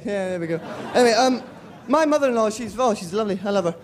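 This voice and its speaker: A man's voice: high voice, fast talker, background noise. A man performing live stand-up in a rambling, scattered way. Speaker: stand-up comedian.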